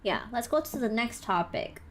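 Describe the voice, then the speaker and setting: A woman's voice: on the high side, lively intonation, normal speed, a little hiss or hum. A young woman guesting on a casual podcast, laughing often and teasing playfully.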